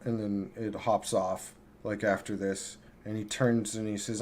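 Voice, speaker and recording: A man's voice: fairly low pitch, level tone, a little slow, hardly any pauses, a little mellow. A man narrating a tabletop game as game master, describing scenes loosely with many fillers.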